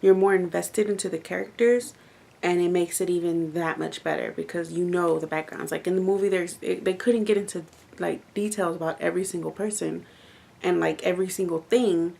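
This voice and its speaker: Chatty young woman with a gravelly voice. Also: lowish voice, fairly even intonation, fairly quick, a little mellow. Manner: rambling, chatty, lots of fillers. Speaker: book reviewer. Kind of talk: casual chat.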